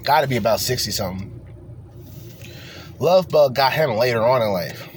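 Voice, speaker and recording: A man's voice: mid-range voice, lively intonation, normal speed, slight background noise. A man hosting a reaction commentary, ranting in a profane, confrontational way. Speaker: commentary host.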